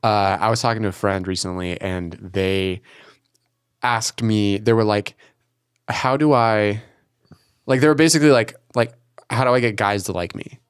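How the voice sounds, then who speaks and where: A man's voice: lowish voice, moderate pace, smooth, dry recording, clean studio sound. A young man co-hosting a podcast in casual chat, telling crude stories between laughs. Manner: crude, laughing, animated storytelling. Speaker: podcast co-host.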